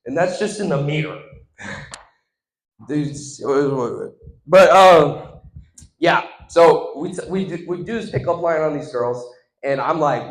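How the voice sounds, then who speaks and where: A young man doing stand-up, telling an animated story and acting out the other people in it. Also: a little high, unhurried. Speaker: stand-up comedian. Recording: echoey room.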